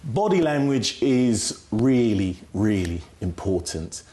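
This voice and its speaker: A man's voice: lowish voice, expressive, takes it slowly, warm tone. A man explaining communication skills as a guest on a talk show, emphatic and instructive, often checking in with "right?". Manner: instructive, emphatic, frequent "right?" tag questions.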